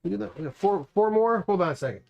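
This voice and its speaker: A man's voice: high voice, expressive, fast, creaky, darkish tone, dry recording, highs cut off. Chatty man hosting a live unboxing. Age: middle-aged. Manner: rambling, chatty, reads chat comments aloud. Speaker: livestream host unboxing graded comics. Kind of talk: casual live-stream chat.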